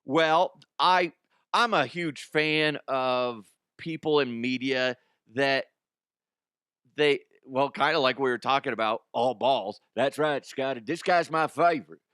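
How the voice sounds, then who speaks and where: A man's voice: mid-range voice, slow pace, a bit bright, clear, resonant tone, no echo, clean studio sound. A man hosting a comedy podcast in casual, rambling chat, laughing often and swearing. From Colorado. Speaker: podcast host.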